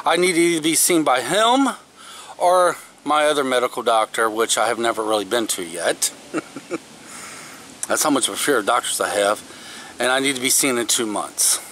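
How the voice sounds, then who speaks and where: A man's voice: mid-range voice, pushed and bright, a little hiss or hum. A middle-aged man vlogging, telling a story casually and emphatically, swearing now and then.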